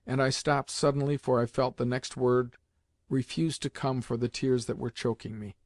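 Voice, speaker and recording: A man narrating a classic novel as an audiobook reader, in a measured, even reading. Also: mid-range voice, dry recording, studio quality.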